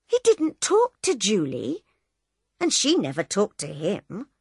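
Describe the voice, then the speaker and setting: A woman's voice: mid-range voice, wildly swooping pitch, takes it slowly, creaky, darkish tone, slightly rough, dry recording, studio quality, full character voice. A woman voicing an upset young husband on a train, pleading and agitated.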